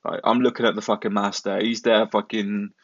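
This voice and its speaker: Low gravelly man telling a story. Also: level tone, brisk, no room sound, highs cut off. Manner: swearing, rambling storytelling. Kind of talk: casual anecdote.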